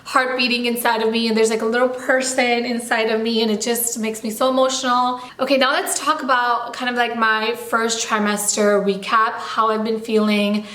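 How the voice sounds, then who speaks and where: A woman's voice: on the high side, flat delivery, normal speed, hardly any pauses, a bit bright. A young woman vlogging in a casual, bubbly chat to camera, rambling and full of fillers. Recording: echoey room.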